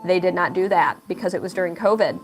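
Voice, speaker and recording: A young woman hosting a casual livestream, reading chat aloud, laughing often and telling stories with lively quoted voices. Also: quick pace, faint music behind. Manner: animated storytelling with big pitch jumps in quotes. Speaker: livestream host and artist.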